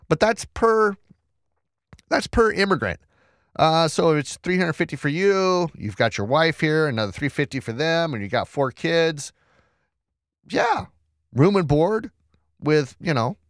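A man's voice: fairly high pitch, dry recording, clean studio sound. A man hosting a casual news commentary show, chatty and sarcastic, often restarting words and reading from the screen.

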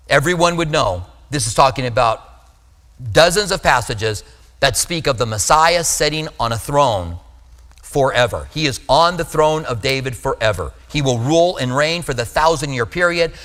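A man preaching to a congregation, talking through his points casually and breaking off into asides. His voice is slightly high and bright, and a long reverb from a large church hall trails behind it. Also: expressive, moderate pace. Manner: conversational, with asides and self-corrections. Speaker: pastor. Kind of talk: sermon teaching.

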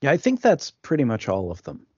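A man's voice: mid-range voice, wildly swooping pitch, fairly quick, darkish tone, breathy edge, no room sound, highs cut off. A man co-hosting a podcast, chatting casually about a film with stammering restarts. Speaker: podcast co-host.

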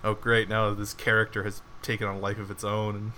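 A man's voice: lowish voice, monotone, brisk, bright, forceful tone, slight background noise. A man co-hosting a casual review podcast, rambling with lots of "like"s and laughing often. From United States. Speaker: podcast co-host.

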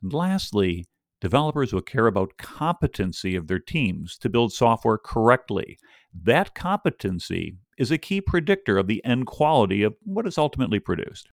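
A man hosting a podcast, reading a scripted segment in an upbeat, clearly enunciated presenter style. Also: lowish voice, big pitch swings, moderate pace, no room sound, studio quality. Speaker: podcast host.

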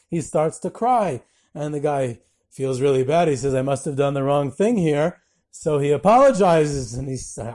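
A man with a high, mellow voice tells rabbinic anecdotes in a storytelling lecture. He lifts his voice when quoting the people in his stories and mixes in Yiddish and Hebrew terms.

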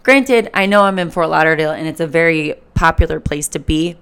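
A woman's voice: lowish voice, lively intonation, a little fast, few pauses, a bit bright. A young woman in her twenties talking candidly in a personal vlog, rambling and emotional, swearing freely. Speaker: vlogger. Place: Fort Lauderdale, Florida. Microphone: camera mic.

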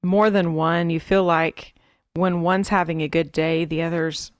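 A woman with a slightly low voice co-hosts a casual parenting podcast. She rambles in a frank, chatty way, looping through half-finished thoughts. The recording is close and dry. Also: fairly even intonation, a little slow, no room sound. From Texas, USA. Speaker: podcast co-host.

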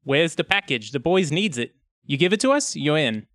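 A person playing a tabletop game, joking and animated with a lively, swinging pitch. The sound is dry and close, with no room echo. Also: moderate pace. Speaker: player. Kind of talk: casual tabletop play.

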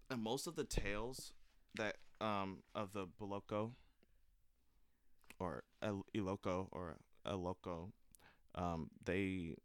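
A man with a very low voice hosts a casual talk, retelling folk tales loosely. He swears freely and often laughs. The recording is dry and close. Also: no echo. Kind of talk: casual chat and storytelling.

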